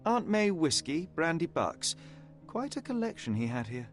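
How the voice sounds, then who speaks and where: Sharp detective, brisk deductions, lively higher pitch. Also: male voice, soft background music. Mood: analytical. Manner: precise, deductive. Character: sharp, composed male detective. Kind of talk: video game voice acting.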